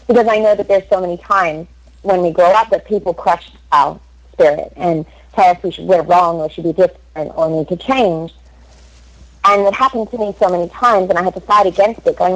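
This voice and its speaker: A woman's voice: fairly low pitch, brisk. Chatty Australian woman on a dull lo-fi recording. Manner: chatty, animated storytelling with playful impressions. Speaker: voice actress and comedian guest. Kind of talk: casual interview chat.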